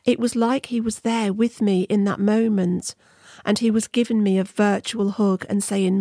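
Mellow woman telling a personal story. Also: medium pitch, fairly even intonation, no room sound, studio quality. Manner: measured, earnest storytelling. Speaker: podcast host. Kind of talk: scripted personal narration.

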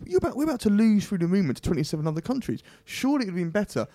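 A man presenting a panel discussion, asking quick, challenging questions. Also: sits high, sing-song, mellow, dry recording.

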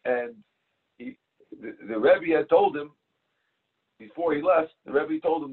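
Husky man teaching Talmud over phone line. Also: mid-range voice, quick pace. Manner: reads each text phrase then translates, tells stories. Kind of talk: Talmud class, reading and translating.

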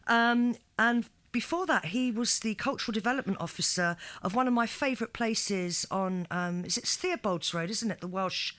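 A woman's voice: on the high side, moderate pace, few pauses, fairly bright tone. A woman hosting a radio chat show, talking in a chatty, giggly way with many fillers. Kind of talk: casual chat interview. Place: London radio studio.

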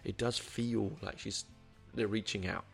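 A man's voice: lowish voice, steady tone, a little slow, gravelly, faint music behind. A man giving a casual album review, rambling and hesitant, with lots of ums and restarts. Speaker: music reviewer.

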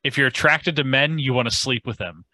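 A male podcast guest with a very bright, sharp voice offers thoughtful takes, hedging with "like" and "kind of." The sound is dry and close-miked. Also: medium pitch, brisk, dry recording, low-quality recording. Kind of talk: casual podcast discussion.

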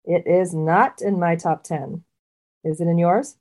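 Woman co-host, fairly low voice, chatty, restarts often, casual podcast talk. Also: steady tone, unhurried, darkish tone. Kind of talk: casual chat and trivia quizzing.

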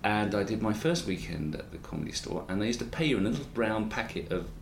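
A man's voice: fairly low pitch, expressive, fast, creaky. A man, interviewing a guest in an enthusiastic, chatty way that wanders into anecdotes. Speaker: interviewer, podcast host. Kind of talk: conversational interview. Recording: roomy echo with faint noise.

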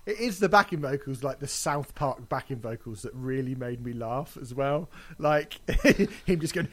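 A man's voice: mid-range voice, moderate pace. A man ranting in a casual podcast chat, swearing and breaking into mocking impressions. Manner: ranting, swearing, mock-sings.

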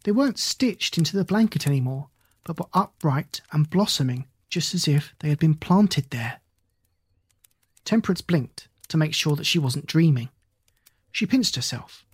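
A narrator reading a children's novel aloud in a measured, even storytelling manner, on a close mic. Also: medium pitch, breathy edge, no echo. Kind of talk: audiobook narration.

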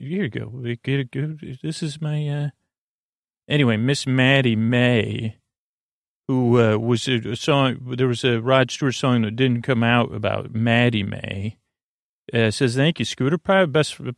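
A man hosting a sleep podcast, reading listener reviews aloud in a halting way, with many ums and restarts. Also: mid-range voice, creaky, no room sound, studio quality. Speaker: podcast host.

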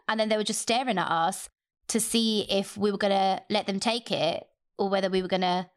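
A young woman, co-hosting a casual chat and telling stories with animated acted-out quotes. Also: brisk, clear, resonant tone. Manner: animated storyteller, acts out quotes in a high voice. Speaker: podcast co-host.

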